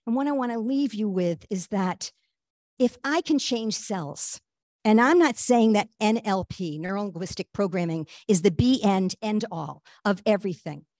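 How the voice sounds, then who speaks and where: A woman guest telling a personal story in an earnest, halting way, with frequent fillers and restarts. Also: mid-range voice, a little mellow, no room sound, studio quality. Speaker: guest speaker.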